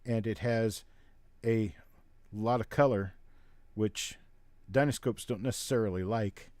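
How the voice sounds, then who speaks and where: A man hosting a live coin auction, calling bids in rapid, repetitive runs and joking between lots. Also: lowish voice, a little mellow, no room sound. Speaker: auctioneer and show host.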